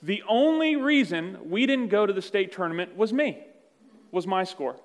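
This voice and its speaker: Storytelling pastor in a reverberant church. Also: male voice, high-pitched, animated, moderate pace. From Virginia, USA. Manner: conversational storytelling, self-deprecating. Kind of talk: sermon. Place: church sanctuary.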